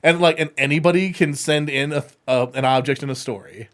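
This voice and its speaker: Young male podcast co-host, slightly high voice, rambling, filler-heavy delivery. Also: brisk. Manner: rambling, lots of fillers and restarts. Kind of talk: casual chat.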